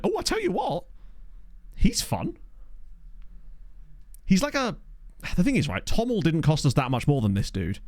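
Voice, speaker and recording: Lively, chatty man playing a game. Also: on the high side, dry recording, studio quality. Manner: chatty, thinking aloud, jokey asides. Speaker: gaming YouTuber. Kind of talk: casual let's play commentary. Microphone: desk microphone.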